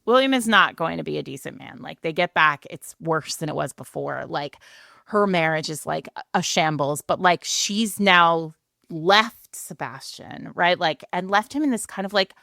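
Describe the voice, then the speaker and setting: A woman co-hosting a book podcast, excitedly retelling a romance novel in casual chat with lots of filler words. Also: deep voice, normal speed, gravelly, dry recording, studio quality. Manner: animated storytelling, many filler likes. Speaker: podcast co-host.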